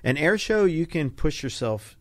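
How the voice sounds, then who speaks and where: A retired Navy fighter pilot, an older man, guests on a podcast and tells stories in a casual interview. His fairly high voice moves a little slowly, recorded dry with clean studio sound, and he animatedly acts out the people he quotes.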